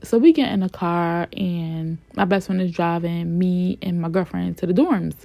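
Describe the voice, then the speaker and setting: A woman in her forties from New York, with a New York accent, telling a story casually in slangy, animated talk and acting out the quotes. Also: lowish voice, normal speed, gravelly, dry recording.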